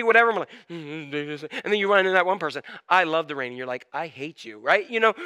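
A man's voice: sits high, bright, forceful tone, no echo, studio quality. A middle-aged man preaching a sermon in a conversational, self-deprecating way, acting out the voices in his head. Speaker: pastor.

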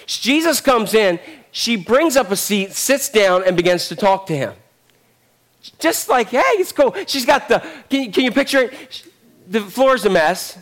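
A man's voice: high-pitched, fairly bright tone. A man preaching a sermon, telling a story animatedly and acting out the characters. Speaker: pastor.

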